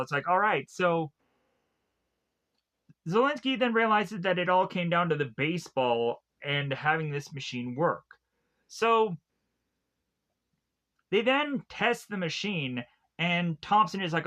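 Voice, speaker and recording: A man casually retelling a film's plot as a reviewer, rambling with lots of fillers and restarts. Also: unhurried. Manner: mock-acts characters' lines with lively pitch jumps. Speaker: movie reviewer.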